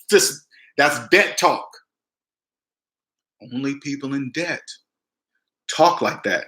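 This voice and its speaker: A man giving emphatic personal finance advice straight to camera, mimicking people with big jumps in pitch. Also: animated, normal speed, creaky, pauses often, sharp tone, reverberant. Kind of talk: direct-to-camera advice talk.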